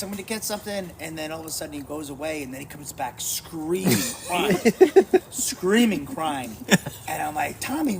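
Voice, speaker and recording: A man's voice: a little high, creaky. A man from the New York metro area telling a long, rambling story to friends in a casual chat, restarting sentences as he goes. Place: outdoors around a firepit. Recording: noisy background.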